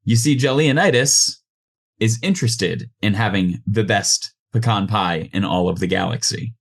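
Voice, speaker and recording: A man runs a tabletop game, describing the scene in a low voice. His delivery is casual and unpolished, full of small fillers. He talks like he is among friends at the table. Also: a little slow, creaky. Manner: relaxed, loose, with frequent ums. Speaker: game master.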